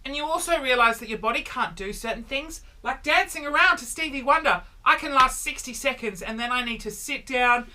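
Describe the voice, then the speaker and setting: A man in his thirties delivering a comedic vlog monologue, animated and exaggerated, with sudden loud exclamations. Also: very high voice, brisk, few pauses. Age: 30s. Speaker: vlogger.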